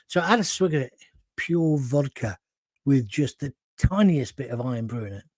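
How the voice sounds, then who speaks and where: A man's voice: medium pitch, lively intonation, moderate pace, a little mellow, no room sound, studio quality. Chatty man telling rambling anecdotes. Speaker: talk show host. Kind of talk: live show reading viewer comments.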